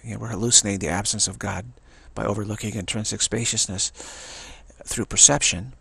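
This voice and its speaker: A man in his sixties giving a rambling spiritual talk as a teacher, halting and often repeating words and restarting his sentences. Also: fairly low pitch, fairly even intonation, creaky, sharp tone, slightly rough, no echo. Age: 60s.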